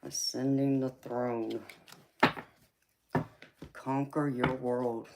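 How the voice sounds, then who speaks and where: A woman's voice: extremely low pitch, little pitch movement, extremely slow, gravelly. A woman with a Southern drawl, chatting casually with viewers while she reads tarot cards on a live stream. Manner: laid-back, chatty, reads cards aloud and greets viewers. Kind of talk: casual live-stream chat and card reading. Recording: loud background noise.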